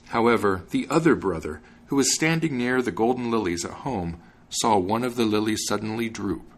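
Low gravelly guy reading fairy tales, lots of up and down. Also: lively intonation, moderate pace. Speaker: podcast host and reader. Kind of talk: storybook narration.

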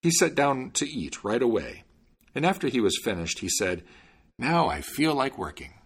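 A man narrating a storybook fairy tale in a low, slightly husky voice. His reading is expressive, with wide, lively swings in pitch. It has the steady flow of storybook narration.

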